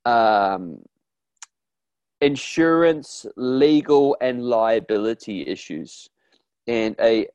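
An earnest man speaks in a relaxed interview, his voice recorded close and dry with no room sound. He acts out quoted voices as he explains, often restarting his sentences, at a middle pitch for a man. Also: no room sound. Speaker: therapist guest. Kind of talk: casual conversational interview.

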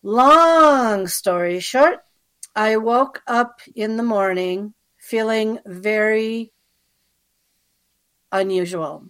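A woman's voice: fairly high pitch, drawn-out words, pauses often, fairly bright tone, clear, resonant tone. Chatty woman telling her story. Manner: chatty, with frequent asides and filler; conversational, checking in with the listener. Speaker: interview guest. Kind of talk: personal storytelling.

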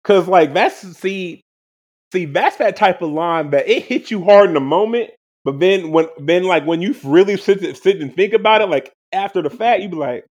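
Young guy cohost, kinda high voice, keeps repeating himself to make a point, casual podcast chat. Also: animated, normal speed. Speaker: podcast co-host.

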